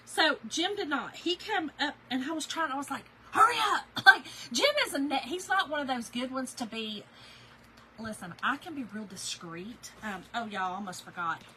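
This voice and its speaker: A woman's voice: high voice, lively intonation, moderate pace, pushed and bright, slight background noise, low-quality recording. A woman, chatting and laughing as she tells a story to her viewers while working on a craft project. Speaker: craft video host.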